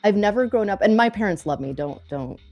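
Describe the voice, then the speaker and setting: A young woman co-hosting a live trading stream, chatting casually and telling animated stories with frequent laughter while she trades. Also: medium pitch, a little fast, creaky.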